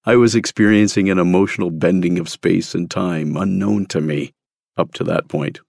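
A man's voice: low voice, steady tone, moderate pace, creaky, darkish tone, dry recording, studio quality. A man narrating his own memoir story in a candid, wry, emphatic way, read from a script. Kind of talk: scripted first-person storytelling.

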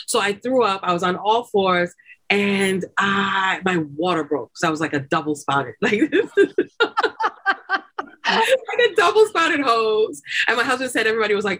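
Laughing her way through a casual conversation, a woman guest on a podcast shares the story of giving birth. She peppers it with "like" and "you know" and voices the people in her story with loud, high bursts.

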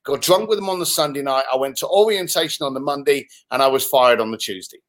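A man in his fifties from London, with a London English accent, telling lively stories as an interview guest. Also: medium pitch, quick pace. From London, England. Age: 50s. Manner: animated, swearing, laughs while telling stories. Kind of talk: casual storytelling in conversation.

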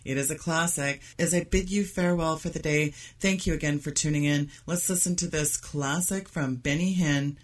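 A woman hosting a radio show, making a steady, announcer-like sponsor appeal and sign-off. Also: deep voice, normal speed, few pauses. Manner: steady, announcer-like, direct to listeners.

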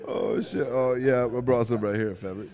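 A man's voice: mid-range voice, normal speed, crowd noise. A man hosting a casual podcast chat, bantering in a laid-back way with slang and swearing. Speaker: podcast host.

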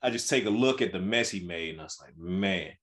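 A man's voice: on the low side, fast. A young man co-hosting a podcast, telling a family story in casual chat and acting out the dialogue. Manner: animated storytelling, acts out dialogue. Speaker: podcast co-host.

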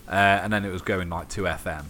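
A man in casual chat as a podcast co-host, telling stories in an animated way, swearing freely and acting out the voices of people he quotes. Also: low voice, brisk, faint music behind.

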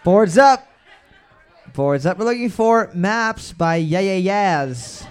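A man hosting a trivia music round, calling out answers loudly and joking between questions. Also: high voice, lively intonation, unhurried, clear, resonant tone, a faint crowd. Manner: loud repeated calls of "boards up", joking asides. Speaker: trivia host. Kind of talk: casual podcast banter, running a music round.

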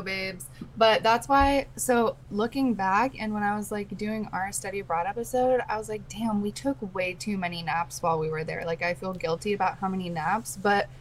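A woman's voice: medium pitch, slight background noise, rough recording. A woman in her twenties co-hosting a podcast, chatting expressively, swearing casually and calling her friend "babes". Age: 20s. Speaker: podcast co-host. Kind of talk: casual chat.

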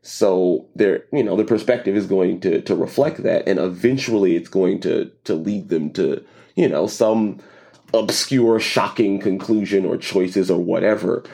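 A man co-hosting a casual podcast conversation, talking in a halting, rambling way with frequent restarts and dry jokes. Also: low voice, vocal fry, warm tone. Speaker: podcast co-host.

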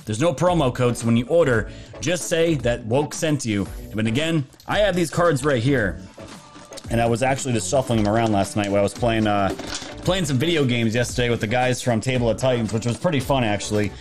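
A man's voice: mid-range voice, brisk. Rambling male livestream host over music. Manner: rambling, jokey, loose with filler words. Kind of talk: casual political livestream talk. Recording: music playing underneath.

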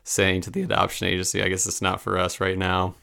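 A man chatting casually on a podcast, rambling and halting with lots of fillers and restarts, a little downcast. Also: sits low, monotone, gravelly, pushed and bright, clear, resonant tone. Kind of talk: casual chat.

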